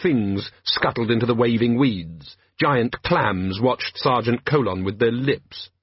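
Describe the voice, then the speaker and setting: Husky male audiobook narrator. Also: medium pitch, animated, slow, dry recording, highs cut off.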